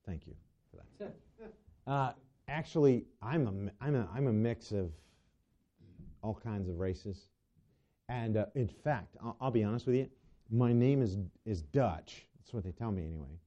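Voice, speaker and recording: A man with a lowish, dark voice preaches a sermon to his congregation, firing rhetorical questions at them and often stumbling and restarting his sentences. The recording is dull and lo-fi.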